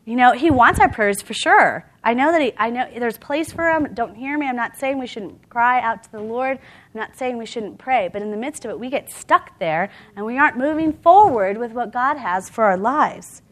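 A woman's voice: on the high side, expressive, moderate pace. A woman preaching a sermon in a church, speaking conversationally with rhetorical questions and bursts of laughter.

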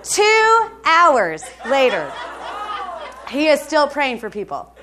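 A woman preaching, telling a testimony story in an animated way, laughing often and checking in with her listeners. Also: high-pitched, takes it slowly, crowd noise, background noise.

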